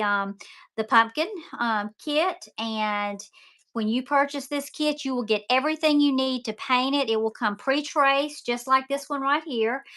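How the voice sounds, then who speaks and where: A talkative woman from Mississippi in her fifties, with a warm Southern accent. Her voice is bright and sits a little high. She rambles happily and casually, like she's chatting with friends during a live stream. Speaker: live-stream art kit seller.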